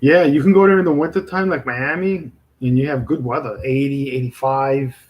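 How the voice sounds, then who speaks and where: A man with a Brooklyn accent hosts a casual livestream, talking straight to his viewers. His voice sits at an ordinary middle pitch. He rambles in a friendly way, circling back with plenty of fillers and restarts. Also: steady tone, normal speed, highs cut off. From New York. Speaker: livestream host chatting with viewers. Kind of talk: casual live chat.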